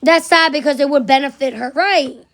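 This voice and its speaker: In a livestream monologue, a middle-aged woman with a high voice rants at a moderate pace, her tone fairly bright. She's blunt and swears freely, driving her points home by repeating phrases twice.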